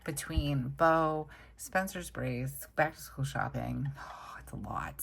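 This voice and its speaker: A woman's voice: sits low, slow pace, gravelly, slight background noise. A woman chatting casually to camera while she sets up her weekly planner, rambling and upbeat. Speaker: planner vlogger. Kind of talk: casual plan-with-me chat. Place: home desk. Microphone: camera set low on the desk.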